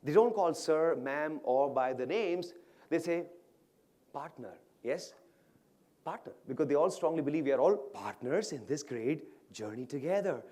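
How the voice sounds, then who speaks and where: Man, motivational stage speaker, lively swinging pitch, slightly high voice, keeps asking the crowd questions. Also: moderate pace. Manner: energetic, questions the audience often, acts out dialogue. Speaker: motivational speaker at an awards event. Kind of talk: animated stage speech to an audience. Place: large event hall with live audience.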